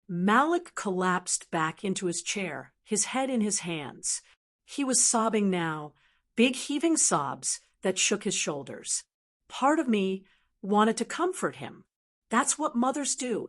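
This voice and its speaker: A middle-aged woman narrating a dramatic story in the first person, stern and forceful. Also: mid-range voice, lively intonation, measured pace.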